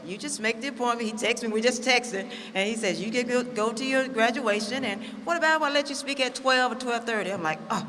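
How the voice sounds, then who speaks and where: At a conference hall, a woman gives a chatty, self-deprecating keynote speech filled with fillers. Her medium-pitched voice has a fairly bright tone. The recording carries hall reverb, faint ambience, and a little hiss or hum.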